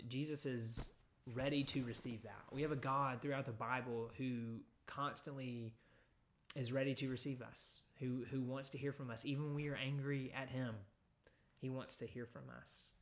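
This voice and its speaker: A man's voice: medium pitch, a bit bright. Man preaching a conversational sermon. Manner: conversational teaching with frequent fillers, reading scripture aloud. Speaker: pastor.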